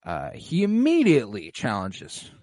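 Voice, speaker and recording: A man on a podcast recaps a TV episode in loose, casual chat. He swears often and throws himself into playing out the characters' lines. His voice is mid-pitched and sits close and dry to the mic. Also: huge pitch swings, unhurried, darkish tone, no echo. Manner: swearing, acts out lines from scenes. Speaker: podcast co-host.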